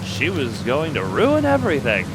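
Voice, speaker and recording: A frantic, cornered killer, pleading in a raised, swinging voice, as a streamer reads him. Game music runs underneath. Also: male voice, fairly high pitch, huge pitch swings, moderate pace, voice pushed up. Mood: desperate. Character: desperate male killer, cornered.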